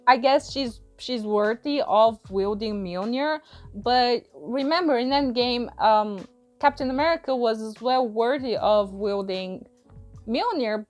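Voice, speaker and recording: A woman giving a casual, rambling film review, exasperated and laughing often, repeating words as she restarts her sentences. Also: on the high side. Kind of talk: casual spoken movie review.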